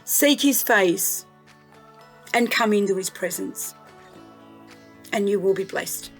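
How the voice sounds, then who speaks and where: A woman from New South Wales with an Australian accent, gently telling a Bible story to children as a guest storyteller. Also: mid-range voice, faint music behind. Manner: gentle, slow, warmly emphatic.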